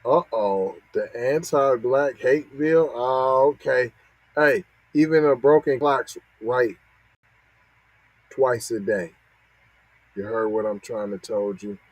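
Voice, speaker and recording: A man's voice: mid-range voice, takes it slowly, dry recording, low-quality recording. A man, hosting a podcast and reacting to news clips with mocking, repetitive commentary. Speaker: podcast host.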